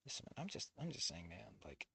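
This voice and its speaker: A streamer reading a visual novel aloud in casual commentary, swearing often and swinging from low muttering to loud outbursts. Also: husky, no echo. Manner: swears a lot, rants and self-mocks.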